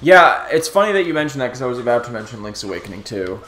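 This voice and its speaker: A man's voice: medium pitch, big pitch swings, quick pace, a bit bright, slight background noise. Chatty, jokey man in an echoey room. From New Jersey. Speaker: let's play co-host. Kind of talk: casual gameplay chat. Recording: echoey room with faint game music.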